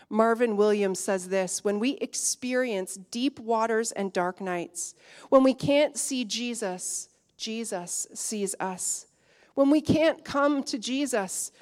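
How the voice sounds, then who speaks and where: A woman preaching a sermon in an earnest way, rising to emphatic peaks and then dropping soft. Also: fairly high pitch.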